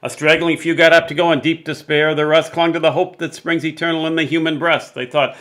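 A middle-aged man presenting and dramatically reciting narrative poems, swinging between loud peaks and hushed lines, with chatty asides in between. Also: little pitch movement, a little fast, hardly any pauses. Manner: theatrical, big swings in loudness and pitch, chatty asides. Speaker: poetry presenter.

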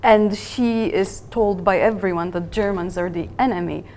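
A woman's voice: mid-range voice, normal speed, darkish tone, a little hiss or hum. A woman joining a casual podcast chat, speaking in a thoughtful, reflective way.

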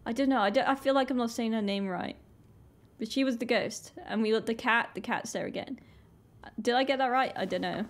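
A young British woman with a British accent, hosting a casual reaction vlog, chatty and excitable with many "like" fillers. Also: fairly high pitch, brisk. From Britain. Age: young adult. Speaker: reaction video host. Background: faint music video playing.

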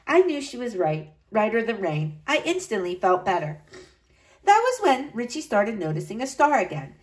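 Woman, storybook read-aloud, fairly high voice, very animated pitch. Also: normal speed, rough recording. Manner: lively, voices the children with high excited lines. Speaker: storybook narrator.

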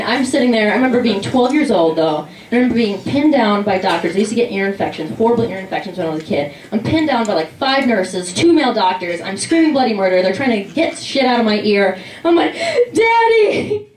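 A young woman doing a stand-up comedy set on a club stage, telling animated stories and acting out her mother and father. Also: mid-range voice, slight background noise. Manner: animated storytelling, voices her mother and dad. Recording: roomy club sound from a distant mic.

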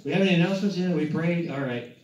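A man's voice: on the high side, fast talker, a little mellow. A man, a pastor rambling through church announcements and a joke, often correcting himself. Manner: rambling, joking, self-correcting. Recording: echoey, distant, muffled, with guitar music.

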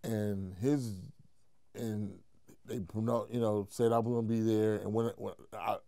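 A man, a comedian, telling an animated, profane story in an interview, mimicking the people he quotes. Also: a little slow, creaky, dry recording, clean studio sound. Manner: profane, acts out quotes in high voices, laughs while telling.

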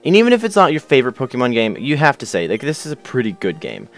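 A young man talks through a video game in a loose, goofy way, with a lively voice that jumps up and down in pitch. He swears casually and now and then yells names for laughs. Faint music plays underneath. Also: fast talker. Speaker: let's play host. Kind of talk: casual game commentary, reading dialogue aloud.

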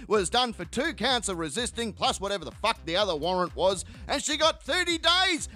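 A man hosts a crude comedy outro, full of swearing and voices. His voice sits high and swings widely. It has a bright, sharp edge, with faint music underneath. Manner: profane, animated storytelling, acts out voices. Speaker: YouTube commentary host.

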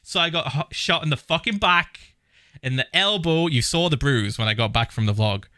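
Brief: male streamer, raised pitch, casual reaction commentary, loose and profane. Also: normal speed, no room sound, studio quality. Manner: animated, swears a lot, laughs often.

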